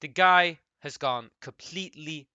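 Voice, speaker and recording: A man's voice: fairly high pitch, unhurried, bright, forceful tone, smooth, no room sound, muffled recording. A man giving casual reaction commentary, cutting in with blunt, dismissive rebuttals. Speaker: YouTube commentator reacting to a clip.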